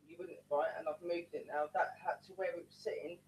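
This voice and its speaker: A woman's voice: low-pitched, fairly even intonation, a little fast, a little mellow, slight background noise, rough recording. A woman leading a paranormal team, chatting casually to viewers during a live-streamed ghost hunt from her home, often calling them "guys". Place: at home indoors.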